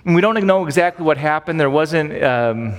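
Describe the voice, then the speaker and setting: A man preaching as a pastor, explaining scripture in an easygoing, conversational manner and often tossing in rhetorical questions. His voice sits a little higher than most men's. A long reverb trails after his words, as in a large hall. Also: animated, moderate pace. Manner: casual, asks rhetorical questions with "right?". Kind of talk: conversational Bible teaching.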